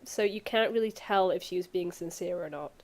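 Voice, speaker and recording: A woman's voice: on the low side, a little fast, darkish tone, slight background noise. A woman playing a tabletop role-play game, chatting casually in a playful, matter-of-fact way. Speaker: player.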